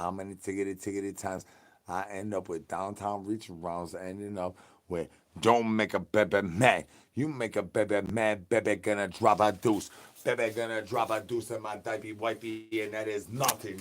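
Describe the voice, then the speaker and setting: A man streaming, talking in crude rambling nonsense with slangy asks to chat and sing-song chanted catchphrases. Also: fairly low pitch. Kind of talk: rambling comic livestream talk.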